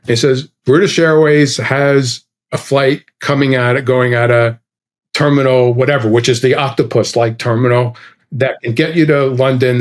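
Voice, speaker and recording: Lively man telling travel stories. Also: mid-range voice. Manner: animated, acts out dialogue with quoted voices. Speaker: guest storyteller. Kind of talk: casual anecdote telling.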